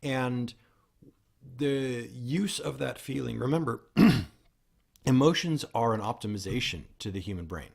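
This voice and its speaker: A man's voice: medium pitch, lively intonation, a little slow, vocal fry, a little mellow, husky. A man hosting a solo podcast, explaining ideas in a rambling way, often restarting and correcting himself mid-sentence. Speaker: podcast host.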